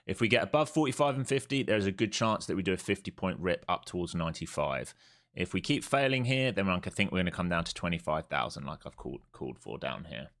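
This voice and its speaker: Deep-voiced man calling trades live. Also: expressive, fast talker, a bit bright. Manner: casual, blunt, swears freely; thinks aloud, repeats key points. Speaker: live stream day trader. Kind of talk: live market commentary.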